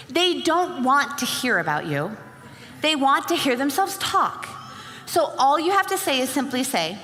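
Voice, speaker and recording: Lively high-voiced woman speaking on stage. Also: normal speed, a little hiss or hum. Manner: animated storyteller acting out both sides of a conversation. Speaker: speaker at a sales event. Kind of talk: motivational talk to a live audience. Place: large hall before an audience. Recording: live hall recording with reverb.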